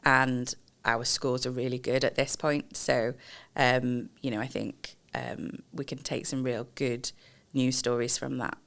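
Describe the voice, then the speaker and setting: Woman on a podcast, gravelly tone, lots of ums, calm and explaining. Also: very deep voice. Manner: measured, explanatory, many ums. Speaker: customer experience director. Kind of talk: podcast interview answers.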